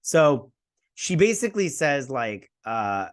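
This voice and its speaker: A man talks through a TV episode as host of his own show, rambling and chatty, with plenty of side remarks. He swears now and then and slips into quick mimicry of characters. His pitch sits in an ordinary middle range. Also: animated, fairly bright tone. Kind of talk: casual spoken review.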